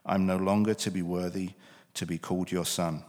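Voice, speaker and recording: A man's voice: deep voice, flat delivery, moderate pace, a little mellow, lightly acted. A man with a British accent voicing a repentant younger son in a scripture reading, earnest and plain. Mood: humble. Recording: long reverb of a large hall.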